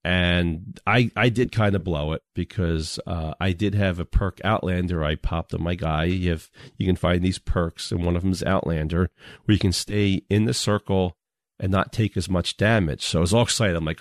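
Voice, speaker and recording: A man with a deep voice talks in an easygoing, casual podcast chat. He tells stories at a relaxed pace and chuckles often. The sound is dry and close, with no room echo. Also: normal speed. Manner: laid-back storyteller, chuckles often. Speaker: podcast co-host.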